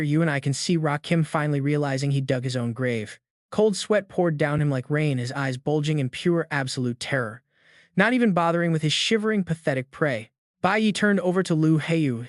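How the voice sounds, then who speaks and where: A man's voice: a little high, a little fast, no echo, clean studio sound. A man narrating a comic recap in a dramatic, emphatic storytelling manner.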